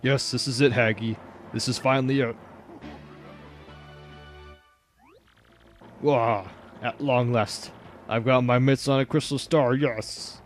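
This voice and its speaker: A man voicing a blustering turtle king villain who boasts and shouts, over a video game playthrough. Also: medium pitch, fairly even intonation, normal speed, soft background music, natural voice. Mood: gloating.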